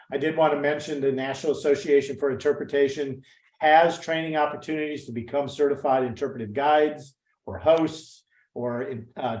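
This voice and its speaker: A man's voice: medium pitch, a little mellow, echoey room. An older man giving an earnest, heartfelt presentation to educators on a video call, with frequent restarts. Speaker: guest presenter, nature interpreter.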